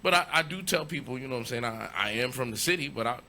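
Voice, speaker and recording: A man's voice: mid-range voice, animated, quick pace, pushed and bright, slight background noise. A man from New York hosting a casual studio interview, joking and bantering with his guest. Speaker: interview host.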